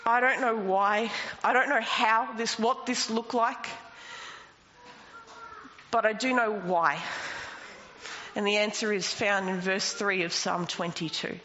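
A woman's voice: medium pitch, fairly even intonation, slow pace, pauses often, pushed and bright. A woman preaching a sermon, emphatic and rising into passionate declarations. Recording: long reverb, dull lo-fi sound, faint noise.

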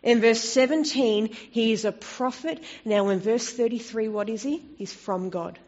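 A woman preaches a sermon in a slightly high voice. She talks in a conversational way and grows expressive when she reads out scripture. The recording is dull and lo-fi. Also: unhurried.

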